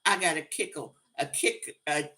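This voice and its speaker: A woman's voice: low voice, moderate pace, pushed and bright, distant mic. A woman guest telling a story in casual, wry conversation. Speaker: guest on a live stream.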